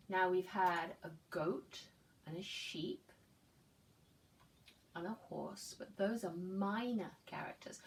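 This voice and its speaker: A woman preschool teacher reading a picture book aloud to young children, slow and gentle, pausing to ask simple questions. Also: medium pitch, far from the mic, low-quality recording. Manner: slow, gentle, with loud animal sounds in the story.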